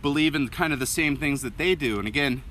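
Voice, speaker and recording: A man's voice: on the high side, fast talker, a bit bright. A man hosting a live video, talking casually and rambling with many fillers while walking uphill and out of breath. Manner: rambling, full of fillers and asides. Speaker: host of a live video channel. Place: outdoors, walking up a hill. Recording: outdoor traffic noise. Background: street and vehicle noise.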